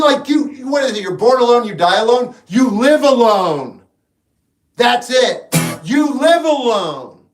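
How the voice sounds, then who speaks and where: High-voiced man rambling to his live chat. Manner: rambling, jokey, talks back to chat. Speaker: livestreamer. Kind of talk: casual live-stream chat with viewers. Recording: roomy echo, faint guitar music behind.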